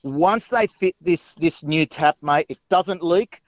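An enthusiastic Australian man gives a customer testimonial, saying "mate" in nearly every sentence. His voice is a little high and slow, with no room sound and dull audio.

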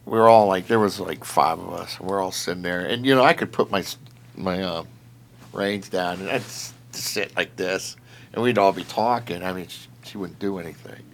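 There's a little hiss or hum as this man, whose voice sits low and gravelly, talks at normal speed. He's recounting patrol work in a casual conversation, rambling through filler words and laughing animatedly as he goes.

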